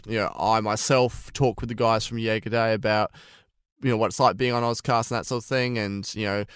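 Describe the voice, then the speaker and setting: Man, podcast co-host, smooth voice, dry close sound, relaxed and chatty. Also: fairly low pitch, no echo. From Australia. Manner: relaxed, with many fillers and restarts. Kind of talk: casual podcast chat.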